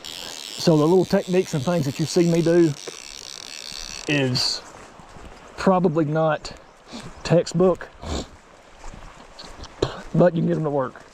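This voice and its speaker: A young man, vlogging casually and excitably while fly fishing by a mountain creek. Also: a little high, slow, pauses often, slight background noise. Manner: excitable, folksy exclamations. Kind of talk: casual outdoor vlog narration.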